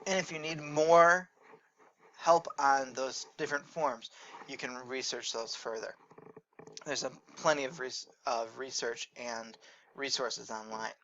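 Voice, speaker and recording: A male teacher giving a recorded lecture in a slightly high voice, explaining step by step and pausing to correct his slips. The recording is dull and lo-fi. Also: fairly bright tone.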